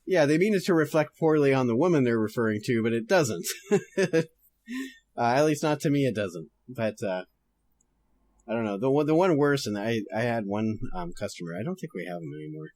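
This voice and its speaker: A man's voice: medium pitch, animated, fairly quick, a little mellow. A young man hosting a podcast, chatting casually and reading a story aloud, laughing often and swearing freely.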